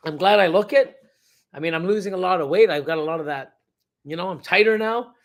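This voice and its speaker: A man's voice: high-pitched, a little fast. A middle-aged man hosting a casual livestream, rambling with many fillers and restarts as he reads the chat. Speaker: reptile breeder hosting a livestream.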